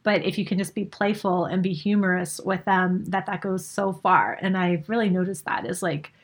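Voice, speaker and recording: Woman, podcast co-host, casual chat, thoughtful, even flat delivery. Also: lowish voice, moderate pace, breathy edge. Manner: reflective, thoughtful, speaks in rambling phrases.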